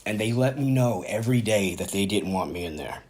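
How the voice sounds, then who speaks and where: A man's voice: lowish voice, lively intonation, fairly quick, a little mellow. A man in his fifties casually telling a personal story, rambling and correcting himself as he goes. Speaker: vlogger.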